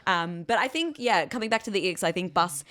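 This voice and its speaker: A woman's voice: mid-range voice, expressive, fairly quick, bright, forceful tone, dry recording. A young Australian woman, a comedian co-hosting a podcast, chatting casually with frequent "like" and the odd swear word. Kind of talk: casual chat.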